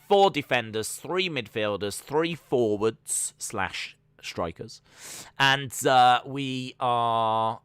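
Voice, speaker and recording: A man hosting a casual live-stream watch-along, chatting and answering viewer comments, with sudden excited bursts that trail off quietly. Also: mid-range voice, clear, resonant tone, no room sound.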